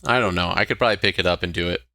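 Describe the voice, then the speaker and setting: A man's voice: sits low, racing, vocal fry, sharp tone, dry recording. A young man chatting casually on a live stream, rambling and laughing often.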